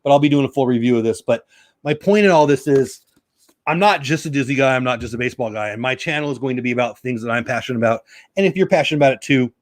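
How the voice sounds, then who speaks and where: A man's voice: medium pitch, fast talker. A middle-aged man hosting a casual live stream, chatting and greeting viewers by name. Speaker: YouTube live stream host.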